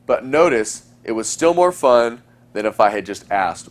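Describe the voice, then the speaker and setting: A man in the middle of his range, teaching in a fast, chatty flow. He coaches listeners on dating and slips into playful example lines. His delivery is conversational, like a recorded lesson. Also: mid-range voice, expressive.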